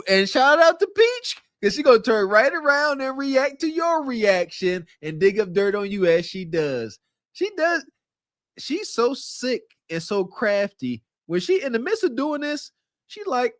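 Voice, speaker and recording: Male co-host with a lively, swooping delivery, mocking and joking, dry close sound. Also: sits high, unhurried, dry recording. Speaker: podcast co-host. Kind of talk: casual reaction commentary.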